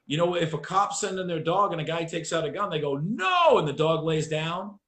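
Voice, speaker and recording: A man's voice: on the high side, fairly quick, echoey room. A man hosting a casual chat, telling dog-training stories with profanity and acted-out voices. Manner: profane, animated storyteller acting out voices.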